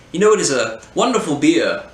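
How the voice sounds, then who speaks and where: A man playing a put-on posh British beer snob, speaking theatrically with savoring pauses. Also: a little high. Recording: roomy echo, faint hum.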